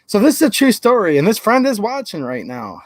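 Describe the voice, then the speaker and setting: A man's voice: sits high, huge pitch swings, brisk, no echo. A man hosting a livestream, telling rambling stories and chatting with viewers. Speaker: channel host. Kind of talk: livestream commentary.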